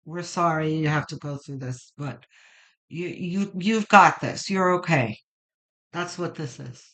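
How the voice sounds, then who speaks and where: Here the weekly tarot reading comes in a slightly bright, mid-range voice that moves a little slowly. The reader muses and rambles, restarting often and leaning on fillers, visibly moved almost to tears.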